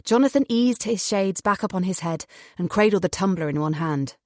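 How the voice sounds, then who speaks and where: A woman narrating an audiobook in an expressive storytelling manner, close to the microphone. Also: lowish voice, moderate pace, no echo.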